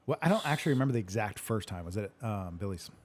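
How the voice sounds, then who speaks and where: A man's voice: fairly low pitch, expressive, very fast. A man hosting a casual livestream Q&A, joking, laughing often and swearing freely. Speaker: livestream Q&A host. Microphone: livestream microphone.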